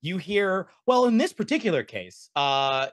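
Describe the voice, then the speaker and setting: A man narrating a tabletop game as game master, animated and rambling, with many fillers and restarts. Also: sits high, unhurried, dry recording, clean studio sound.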